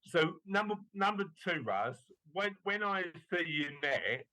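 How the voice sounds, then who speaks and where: A man's voice: high-pitched, sing-song, a little slow, pushed and bright, rough recording. A man hosting a podcast, teasing his co-host and laughing often in casual chat before introducing a guest.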